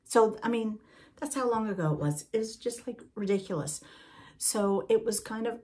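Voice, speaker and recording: A woman's voice: a little high, moderate pace, a little mellow, husky. An older woman from Britain hosting a podcast in a casual, rambling chat with asides to the listener. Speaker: podcast host.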